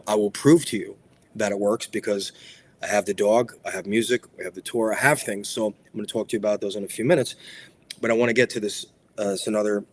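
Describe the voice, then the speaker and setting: A man hosting a motivational spiritual talk, emphatic and repetitive in a preacherly way. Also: on the low side. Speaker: spiritual speaker and show host.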